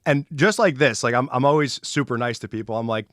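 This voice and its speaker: A man's voice: medium pitch, quick pace, a bit bright, no echo, studio quality. A middle-aged man hosting a podcast, telling a story in casual chat, acting out quotes and swearing freely. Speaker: podcast host.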